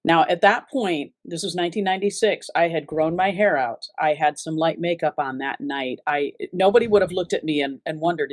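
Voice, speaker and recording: A woman's voice: low voice, a little fast, hardly any pauses, dry recording. A woman giving an earnest, reflective personal testimony in an interview, often restarting her sentences. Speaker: interview guest.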